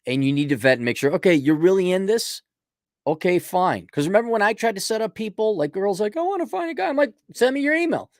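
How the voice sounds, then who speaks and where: A man's voice: sits high, expressive, fast, dry recording, studio quality. A man hosting a livestream, reading out viewer donations and answering them in a blunt, sarcastic way with mocking asides. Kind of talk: casual livestream chat.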